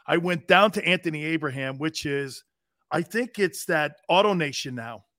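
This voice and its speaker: A man's voice: a little high, moderate pace, bright, forceful tone, no echo, clean studio sound. A man in his fifties hosting a sports talk show, telling profane, laughing anecdotes in casual chat.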